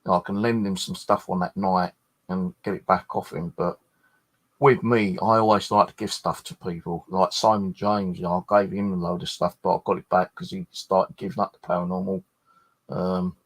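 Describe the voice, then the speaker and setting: Tired, rambling man, low voice. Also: little pitch movement, moderate pace. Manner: swears freely, meandering with many restarts. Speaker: ghost hunter chatting with livestream viewers. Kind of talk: rambling casual chat.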